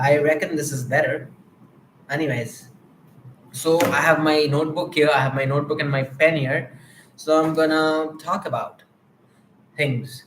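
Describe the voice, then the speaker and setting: A man's voice: on the high side, a bit bright, echoey room, a little hiss or hum, poor audio. A man with an Indian accent thinking aloud on an unscripted live stream, rambling and reflecting on himself. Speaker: livestreamer. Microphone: mic with camera.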